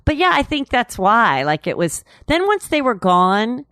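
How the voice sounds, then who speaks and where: With a fairly high pitch and a slightly bright tone, a very animated woman talks a little slowly in a dry, clean studio recording. She's a chatty, candid interview guest in a casual storytelling exchange, rambling with many "like"s and "you know"s and laughing while telling her story.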